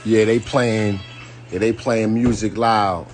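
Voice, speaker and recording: A man's voice: on the low side, fairly even intonation, takes it slowly, darkish tone, soft background music. A man giving loose, slangy live-stream commentary and talking straight to his viewers. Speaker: YouTube commentator.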